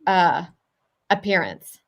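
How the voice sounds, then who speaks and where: A woman's voice: fairly low pitch, very animated, slow pace, creaky, lo-fi sound. A woman in her forties co-hosting a film festival, friendly and upbeat in casual chat.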